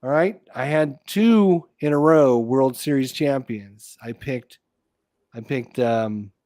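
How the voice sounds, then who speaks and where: A man's voice: mid-range voice, slow, mellow, no echo. A man hosting a casual live chat show. He rambles, restarts his sentences and loses his train of thought. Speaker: podcast host.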